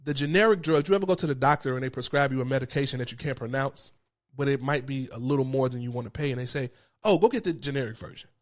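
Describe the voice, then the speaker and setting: A man's voice: mid-range voice, fairly even intonation, fast. A man hosting his own show, giving a passionate, frustrated political commentary. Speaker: host.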